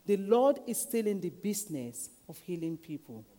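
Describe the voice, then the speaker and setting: Woman preacher, animated delivery with dramatic whispers, in a hall with long reverb. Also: medium pitch, moderate pace. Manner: animated, repeats words, acts out quotes, drops to whispers. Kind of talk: sermon. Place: church hall.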